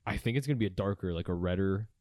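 Young Canadian male co-host, rapid joking banter, deep-ish voice, dry mic. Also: a little mellow, no echo. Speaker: podcast co-host. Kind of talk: casual chat.

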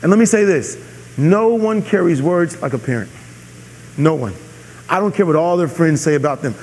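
High-voiced preacher in a reverberant hall. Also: male voice, lively intonation, moderate pace, a little mellow, a little hiss or hum. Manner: emphatic, repeats key phrases, asks audience "are you with me". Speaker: pastor. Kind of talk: sermon.

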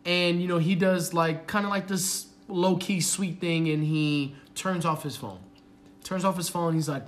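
A young man hosting a podcast, telling a story in a loose, animated way with heavy slang and swearing. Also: on the high side, a little slow. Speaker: podcast host. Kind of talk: casual storytelling chat.

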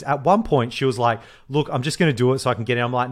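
Animated man telling a story. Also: mid-range voice, fast talker. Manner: animated, swears freely, acts out quoted voices. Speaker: podcast co-host. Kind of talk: casual storytelling chat.

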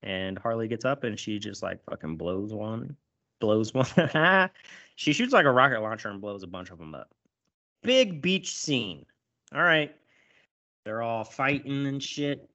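A man casually recapping a movie, animated and profane, acting out lines as he goes. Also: medium pitch, unhurried. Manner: animated, swears a lot, acts out lines. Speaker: podcast host recapping a movie. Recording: dull lo-fi sound.

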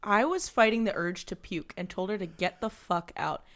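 A woman's voice: medium pitch, lively intonation, normal speed, a bit bright. A woman co-hosting a podcast, reading a listener's email aloud with casual asides. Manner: reads aloud with running asides and laughter.

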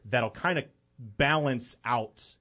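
A young man from the Chicago area speaks as a talk show guest at an ordinary, middle pitch. He tells his story earnestly and rambles a little, leaning on "you know" as he goes. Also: slow pace, bright, forceful tone. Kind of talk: personal storytelling in conversation.

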